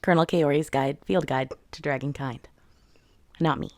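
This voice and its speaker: A woman's voice: sits low, fairly even intonation, normal speed, no echo. A woman hosting a book channel, casually recapping chapters and retelling scenes in quoted voices.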